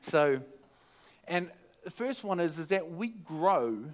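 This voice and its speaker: Man pastor with a high voice who preaches casually at a church service. He is chatty and jokey and keeps restarting his sentences. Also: animated, takes it slowly. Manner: chatty and joking, with many restarts. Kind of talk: casual sermon. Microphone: microphone.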